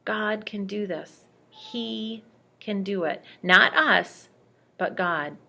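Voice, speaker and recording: A woman's voice: medium pitch, takes it slowly, creaky, bright, forceful tone, full character voice. A woman voicing a brave young shepherd boy in a spoken bible storybook, earnest and eager. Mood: confident.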